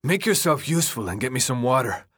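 A man's voice: medium pitch, very animated, fast, fairly bright tone, slightly rough, no room sound, studio quality. A man voicing a brash, sarcastic teenage boy who is out of breath, mocking and bossy. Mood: scornful.

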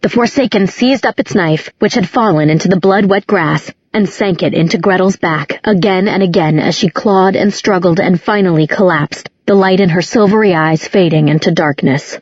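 A woman reading a dark fantasy novel aloud as scripted storybook narration, in a measured, dramatic way. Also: lowish voice, husky, no echo. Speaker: audiobook narrator. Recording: dull lo-fi audiobook recording.

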